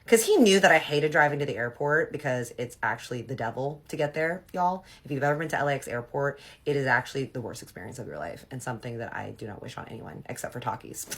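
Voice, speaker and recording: A woman telling a personal story in a casual, animated way, swinging between loud outbursts and soft asides. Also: very deep voice, fast.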